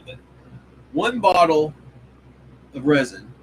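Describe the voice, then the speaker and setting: A man's voice: a little high, lively intonation, normal speed, heavy background noise. Rambling, profane man on a hobby stream. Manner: rambling, profane, enthusiastic, lots of fillers. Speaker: hobby show host. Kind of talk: casual live-stream chat. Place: home hobby room.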